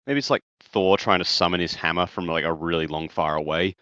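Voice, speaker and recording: A man co-hosting a casual podcast, telling jokes with animated, casual swearing. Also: low-pitched, a little fast, dry recording, highs cut off. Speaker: podcast co-host. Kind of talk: casual chat.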